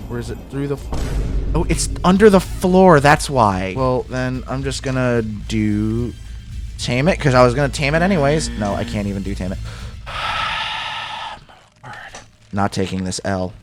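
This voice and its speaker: A man's voice: medium pitch, lively intonation, a little slow, faint music behind. Exasperated cursing young man gaming. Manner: exasperated, profane, talking to in-game animals. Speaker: gaming video creator. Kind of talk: casual gameplay commentary and narration.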